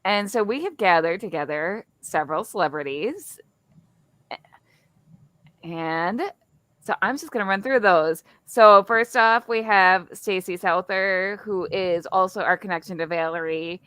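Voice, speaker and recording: A woman's voice: mid-range voice, measured pace, fairly bright tone, clear, resonant tone, no echo. A woman co-hosting a podcast, explaining an upcoming online event in a chatty way and stumbling over her words now and then. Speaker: podcast co-host. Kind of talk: casual chat.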